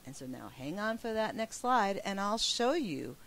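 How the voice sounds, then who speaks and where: A woman's voice: mid-range voice, big pitch swings, normal speed, gravelly, fairly bright tone, a little hiss or hum. A woman presenting a teacher training webinar, upbeat and emphatic as she walks through slides. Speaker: professional development trainer.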